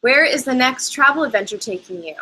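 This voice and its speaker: A young woman hosts a live chat, answering viewers' travel questions. She talks in a loose, rambling way, full of side remarks. Her voice is bright and forward. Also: high-pitched, lively intonation, a little fast, a little hiss or hum, poor audio. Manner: chatty, rambling with asides. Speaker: travel show host.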